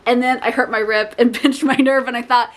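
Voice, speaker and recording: A woman vlogger talking casually to the camera, rambling and correcting herself, with lively, playful asides to her viewers. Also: a little high, a little fast. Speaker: lifestyle vlogger. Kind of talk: casual chatty advice to camera.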